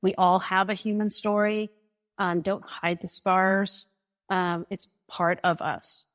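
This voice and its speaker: A woman guest telling a personal story in conversation, animated and acting out the dialogue she recounts, laughing often. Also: mid-range voice, slow pace.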